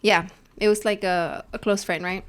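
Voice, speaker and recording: A woman's voice: mid-range voice, fairly even intonation, moderate pace. A young woman co-hosting a podcast, chatting casually and rambling through her week, dropping in Spanish phrases. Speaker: podcast co-host. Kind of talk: casual chat.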